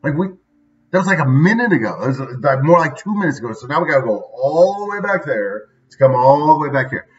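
Male vlogger, conversational, keeps checking in with "right?"; muffled low-fi audio. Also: big pitch swings, brisk. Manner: chatty, says "right?" often. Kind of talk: casual daily video monologue.

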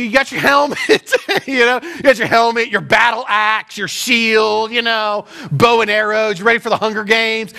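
A pastor preaching to his congregation, his voice swinging widely in pitch. He tells his story with comic flair and jumps up into high squeals to act out his own panic. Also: pushed and bright. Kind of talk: sermon storytelling. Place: church auditorium.

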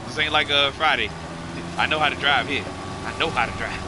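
A man gaming with a friend, slangy and loud, breaking into panicky yelps and comic complaints. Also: mid-range voice, fairly quick, noisy background. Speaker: gamer playing with a friend. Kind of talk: excitable gaming banter. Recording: loud game music behind the voice.

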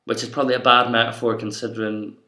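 A man's voice: medium pitch, flat delivery, fast talker, bright, forceful tone. A young Irish man giving a mock-stern, bossy comic rant to camera. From Ireland. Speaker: comedy vlogger. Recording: echoey room.

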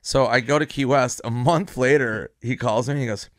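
Deadpan man telling a low-key anecdote. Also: moderate pace, no room sound, clean studio sound. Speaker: comedian. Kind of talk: anecdote told in casual chat.

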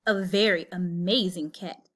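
A woman's voice: lowish voice, a little slow. A woman reading aloud and voicing a boastful, clever talking male cat in a storybook. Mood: sly. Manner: bold, scheming, showy.

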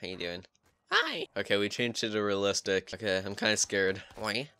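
A man doing excitable gameplay commentary, joking to himself and yelping whenever he is startled. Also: fairly low pitch, moderate pace, clear, resonant tone. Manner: excitable, yelps and shrieks when startled; jokey, self-mocking asides. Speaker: gaming YouTuber.

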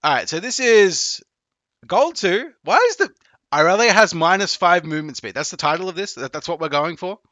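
A man's voice: high voice, normal speed, no echo. A man coaching video games on a live stream, chatting casually, swearing and joking with viewers. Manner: profane, joking, excitable.

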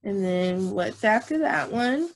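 A woman's voice: mid-range voice, expressive, slight background noise. A woman music teacher, talking young children through a recorded lesson and checking in with them often. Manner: slow, patient, repeats herself and checks with "okay?"; demonstrates whispering and shouting voices.

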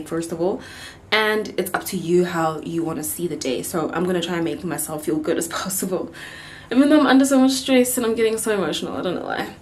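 A young woman in her twenties from South Africa, rambling emotionally in a casual vlog while walking home outdoors on a city street, phone held at arm's length. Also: lowish voice. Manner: chatty and emotional, rambling with many fillers. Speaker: vlogger. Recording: loud street traffic noise. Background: loud passing traffic.

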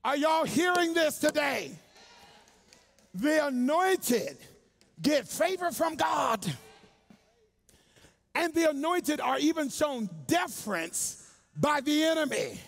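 A male pastor preaching a sermon in a church, colloquial and call-and-response, swinging from hushed asides to shouting. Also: very high voice, lively intonation, slow, vocal fry, pauses often.

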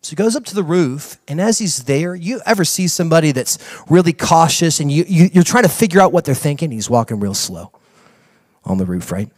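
A man preaching a sermon as a pastor, telling a story with acted-out dialogue and building to excited preaching. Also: a little high, a little fast, no echo. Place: church.

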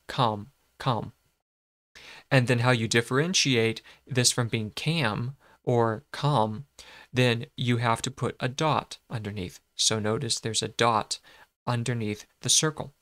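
Brief: male tutor, unhurried delivery, clear bright tone, sounds out each syllable. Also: medium pitch. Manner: patient, breaks words into sounds, self-correcting. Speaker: shorthand teacher. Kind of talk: explaining a lesson.

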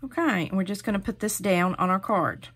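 A woman's voice: medium pitch, lively intonation, fairly quick, a bit bright, slight background noise. Chatty woman demonstrating a craft. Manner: chatty, encouraging, step-by-step. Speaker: crafting tutorial host.

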